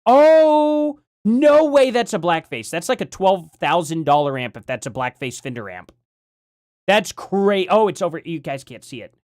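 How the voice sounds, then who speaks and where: A man's voice: high voice, sing-song, moderate pace, a little mellow, no echo. A man chats his way through a live stream, rambling from thought to thought and laughing often. His voice swings up and down freely as he talks. The sound is dry and close, with no room around it. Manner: rambling, chatty, laughs often, reads chat aloud. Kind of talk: casual live stream chat.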